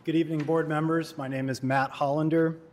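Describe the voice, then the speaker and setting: A man addressing a city zoning board as the applicant, formal and steady with frequent "uh" fillers. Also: a little high, fairly quick. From Kalamazoo, Michigan. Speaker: developer applicant. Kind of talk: public hearing testimony.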